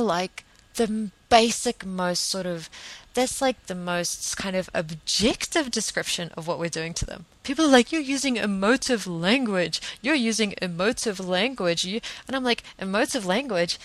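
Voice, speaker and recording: A woman's voice: medium pitch, fairly bright tone, dry recording, rough recording. A woman, hosting a solo podcast in an earnest, emphatic, rambling way. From New Zealand. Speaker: podcast host.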